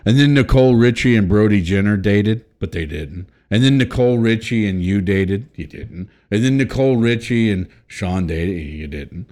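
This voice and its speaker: A casual podcast host with a fairly low, expressive voice reads headlines and jokes crudely at normal speed, hardly pausing. His volume swings between loud and mumbled.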